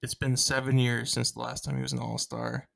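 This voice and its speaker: A man's voice: mid-range voice, level tone, fairly quick, creaky, fairly bright tone. A young man co-hosting a casual podcast, rambling with fillers. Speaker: podcast co-host.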